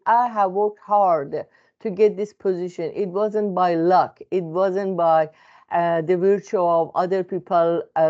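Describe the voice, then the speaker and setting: A woman therapist with a non-native English accent speaks slowly and earnestly, reflecting on her own experience. Her voice is low and mellow, with many halting fillers and restarts. The recording sounds a little dull and lo-fi. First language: not English. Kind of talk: reflective self-help monologue.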